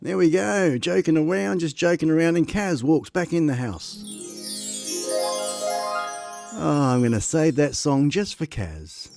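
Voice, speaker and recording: A man hosting a casual live stream, excitable and laughing as he plays music and gives shout-outs to viewers from his home studio. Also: on the high side, moderate pace, creaky. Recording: music playing behind.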